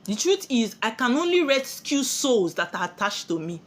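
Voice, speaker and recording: A woman's voice: on the high side, big pitch swings, normal speed. A woman with a Nigerian accent giving a spiritual sermon, preachy and full of rhetorical questions she answers herself. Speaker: spiritual teacher.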